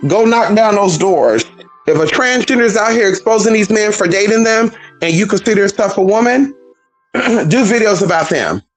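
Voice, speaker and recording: Over faint music on a rough recording, a female vlogger speaks at normal speed in an expressive, medium-pitched voice. Her casual, opinionated monologue is sassy, blunt and full of profanity; she addresses viewers as "girl" and "honey" and answers back to critics she imagines.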